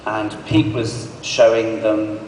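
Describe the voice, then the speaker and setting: A male actor on a convention panel, telling an animated story and acting out the quotes. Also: on the low side, slow pace. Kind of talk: anecdote told to an audience. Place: large convention hall. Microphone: phone recording from the audience. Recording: echoey hall from far off, faint noise.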